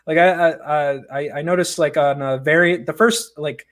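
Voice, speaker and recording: A man, a comic book writer being interviewed, chatting casually and telling animated, self-mocking stories. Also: a little high, normal speed.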